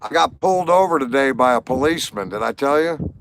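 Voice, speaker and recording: A man's voice: medium pitch, expressive, quick pace, a bit bright, slight background noise. A man hosting a casual livestream, telling rambling stories and jokes to viewers and laughing at his own punchlines. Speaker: livestream host.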